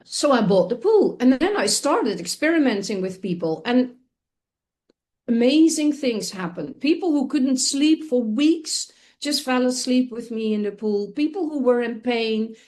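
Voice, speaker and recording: A woman telling a personal story as a guest on a talk show, earnest and expressive, often restarting her sentences. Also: fairly high pitch, unhurried.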